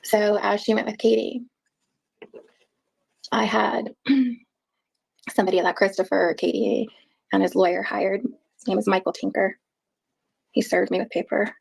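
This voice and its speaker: A woman giving an emotional personal account in an interview, halting and repeating words as she speaks. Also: mid-range voice, fairly even intonation, vocal fry, slightly rough, poor audio.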